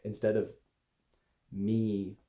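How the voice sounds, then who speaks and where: A man demonstrating a guided meditation to camera, talking gently and hesitantly with many pauses as he speaks to an inner part with his eyes closed. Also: on the low side, completely flat delivery, phone-quality sound. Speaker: eating coach and video host.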